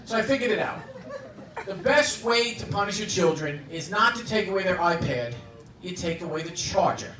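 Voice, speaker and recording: A man in his fifties doing a stand-up comedy set on a club stage, with a halting, deadpan delivery full of fillers. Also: high-pitched. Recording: roomy club sound, audience recording from a distance.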